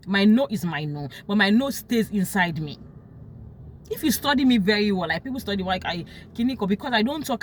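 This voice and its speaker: A young Nigerian woman with a Nigerian accent talking about her life in casual storytelling, emotional and quick to act out what others said. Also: medium pitch, a little hiss or hum. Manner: emotional, animated, quotes others in sharp raised tones.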